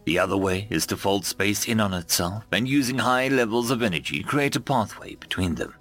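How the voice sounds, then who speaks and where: Expressive man reading sci-fi stories. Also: lowish voice, brisk, soft background music. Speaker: story narrator.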